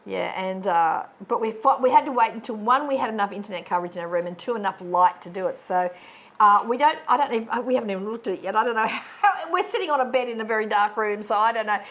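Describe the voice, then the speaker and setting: A woman co-hosting a stitching channel, chatting casually and rambling with many fillers and restarts, seated on a bed in a dark room. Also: medium pitch, animated, fast talker. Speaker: co-host of a stitching video channel. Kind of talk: casual chat. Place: dark bedroom, sitting on a bed.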